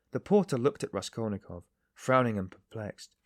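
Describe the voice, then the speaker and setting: Low-voiced male audiobook narrator. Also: brisk, hardly any pauses, dry recording, studio quality. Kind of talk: scripted narration.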